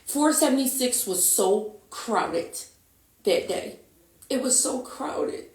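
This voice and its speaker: A woman telling a painful personal story in a halting, emotional way, often repeating herself and acting out what people said. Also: fairly high pitch, lively intonation, darkish tone. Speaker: guest telling her story. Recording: echoey room, voice from a distance.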